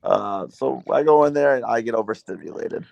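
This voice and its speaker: A man in his thirties, co-hosting a sports podcast, telling stories in a casual, animated way and jumping up in pitch as he acts out scenes. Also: brisk, vocal fry, dry recording, highs cut off. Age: 30s. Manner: animated storyteller, voice jumps up when acting out scenes. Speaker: podcast co-host. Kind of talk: casual chat.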